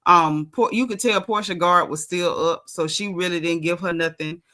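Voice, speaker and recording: Woman, casual reality TV recap, blunt, slangy, sassy, crisp bright tone. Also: lowish voice, steady tone, moderate pace. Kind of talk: casual opinionated commentary.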